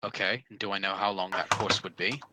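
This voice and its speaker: A man's voice: deep voice, steady tone, a little fast, bright, forceful tone, low-quality recording. A man playing a tabletop game, thinking aloud and restarting his sentences. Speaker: player.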